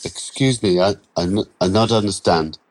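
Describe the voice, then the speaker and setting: A man reads as a worn-out Romanian laborer, a migrant far from home. He speaks broken English slowly and haltingly, with a Romanian accent and a low, sad weariness. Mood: weary.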